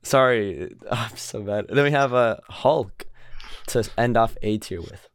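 A man's voice: mid-range voice, a little slow. A young man co-hosting a casual podcast, playful and laughing often, goofing around with silly pronunciations. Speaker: podcast co-host. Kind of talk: casual chat.

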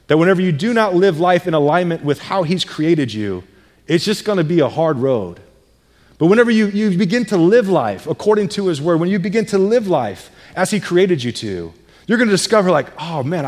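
A man's voice: high voice, very animated, moderate pace, darkish tone, in a large hall. A middle-aged male pastor delivering a sermon, earnest and emphatic, asking rhetorical questions and answering them.

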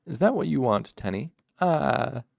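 A man voicing a gentle, patient male caretaker of sick children, speaking in a soft, soothing murmur. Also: mid-range voice, lively intonation, measured pace, vocal fry, no room sound, clean studio sound, voice pushed up.

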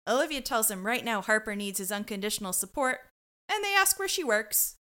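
A woman's voice: on the high side, lively intonation, brisk, pushed and bright. A woman co-hosting a podcast, recapping an episode in casual chat with playful joking asides. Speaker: podcast co-host.

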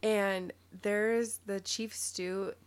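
A woman's voice: mid-range voice, steady tone, drawn-out words, clean tone. A woman, co-hosting a podcast in a rambling, chatty way and laughing easily. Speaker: podcast co-host. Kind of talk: casual chat.

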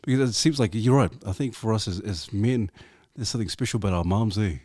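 A man hosting a podcast, responding with warm encouragement and calling his guest bro. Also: fairly low pitch, fast talker, no echo, studio quality. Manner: warmly affirming, says bro. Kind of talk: casual chat.

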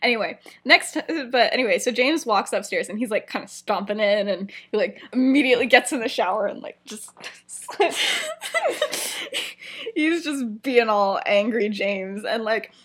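A young woman co-hosting a podcast, retelling a story in casual chat, animated, with lots of fillers. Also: mid-range voice, normal speed, slightly rough. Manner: animated storytelling, many fillers, frequent laughs. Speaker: podcast co-host.

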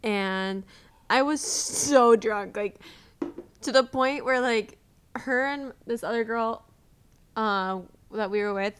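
High-voiced young woman guest. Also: slow pace, a little hiss or hum. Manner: lively, filler-heavy. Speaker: podcast guest. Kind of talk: casual storytelling chat.

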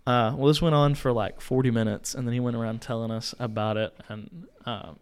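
Animated young man telling a story. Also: medium pitch, brisk, smooth. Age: young adult. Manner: animated storyteller, acts out voices, laughs. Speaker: podcast co-host. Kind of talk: casual storytelling. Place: small home studio.

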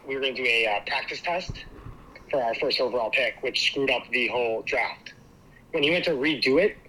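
Bright-voiced caller on a weak line. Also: male voice, medium pitch, low-quality recording. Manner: halting, with many repeated words. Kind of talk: casual podcast chat. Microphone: weak, quiet phone mic. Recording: quiet call line with faint noise.

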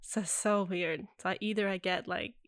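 A woman's voice: on the low side, moderate pace, dry recording, studio quality. Laughing Italian-born woman spinning stories. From Italy. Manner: lively storyteller who laughs often and acts out quoted remarks. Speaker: podcast guest, actress. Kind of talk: casual podcast chat.

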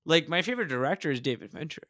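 A man from Canada, a comedian guest on a podcast, rambling excitedly and swearing often. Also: on the high side, racing, dry recording, clean studio sound. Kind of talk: casual chat.

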